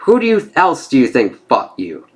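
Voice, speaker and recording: A man's voice: medium pitch, huge pitch swings, moderate pace. A man giving a casual spoken review of a comic book, reading panels aloud with enthusiastic, conversational asides.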